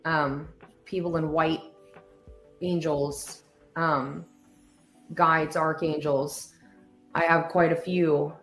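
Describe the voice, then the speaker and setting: Woman host, low-ish pitch, unhurried and heartfelt, faint music under her. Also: little pitch movement, fairly bright tone. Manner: emotional, earnest, many fillers and trailing pauses. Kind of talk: heartfelt casual talk show chat.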